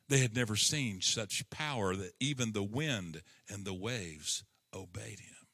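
A middle-aged male pastor preaching a sermon, slow and emphatic, climbing to impassioned peaks. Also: fairly low pitch, expressive, pushed and bright, husky. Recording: long hall reverb.

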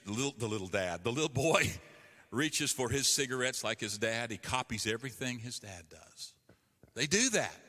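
A man delivers a sermon with earnest, emphatic preaching, calling out for the congregation's response. His voice is bright and forceful. It rings out with a long reverb, as in a large church hall. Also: mid-range voice. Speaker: pastor.

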